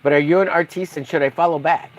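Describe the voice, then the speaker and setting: A young man talks casually on a painting livestream and reads viewer messages aloud as he goes. He rambles and trades crude, teasing jokes. His speaking voice sits slightly higher than most men's. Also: fairly even intonation, fast.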